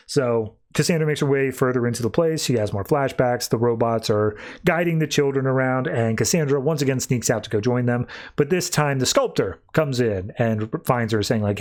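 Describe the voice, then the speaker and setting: A man hosting a podcast, casually recapping a comic book with animated storytelling. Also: mid-range voice, normal speed. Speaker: podcast host.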